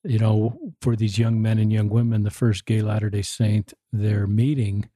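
A man hosting a podcast, asking measured, gently probing questions. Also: fairly low pitch, little pitch movement, dry recording, studio quality. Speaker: podcast host. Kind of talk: interview questions.

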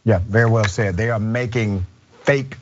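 A man hosting a political commentary show with an emphatic, measured delivery. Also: fairly low pitch, slight background noise. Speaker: show host. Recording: dull, lo-fi sound.

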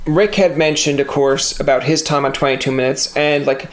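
A male host with a Newfoundland accent leads a casual interview with a chatty, joking manner. His voice sits somewhat high for a man. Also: fairly even intonation, normal speed. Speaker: podcast host.

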